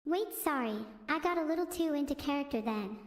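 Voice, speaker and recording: Synthetic woman's voice, high pitch, chirpy, self-centred, deadpan, roomy long reverb. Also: brisk. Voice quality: synthetic text-to-speech voice. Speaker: AI streamer host. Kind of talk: stand-up style stream chat.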